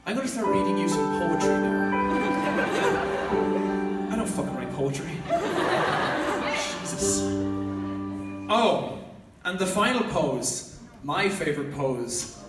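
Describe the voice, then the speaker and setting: High, animated Irish man on stage. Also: takes it slowly, long pauses, loud music behind the voice. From Ireland. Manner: energetic, loud, jokey, often laughing mid-sentence. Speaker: comedian host of a live stage show. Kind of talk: stand-up storytelling to a live audience. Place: large concert hall with a live audience. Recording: echoey hall recording from far off, loud crowd.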